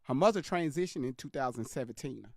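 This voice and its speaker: A man's voice: mid-range voice, animated, brisk, gravelly, a little mellow, no echo, studio quality. A man hosting a live stream, commenting on a clip with emphatic, repetitive direct address to his viewers.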